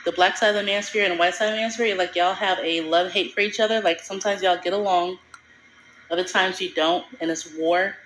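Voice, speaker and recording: A woman's voice: fairly low pitch, fairly even intonation, quick pace, a bit bright, echoey room, slight background noise, poor audio. A woman in a played clip, talking in a chatty, exasperated way, full of fillers. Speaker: video creator in a played clip. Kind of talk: casual vlog talk.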